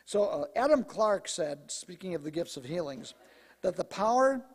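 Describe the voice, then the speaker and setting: A man preaching from the pulpit, his pitch sitting high for a male voice and a little hoarse. He talks to the congregation in a loose, joking way. The sound carries the long reverb of a church sanctuary. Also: sing-song, normal speed. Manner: conversational, joking asides. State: slightly hoarse, clearing throat. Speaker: pastor. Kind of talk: sermon.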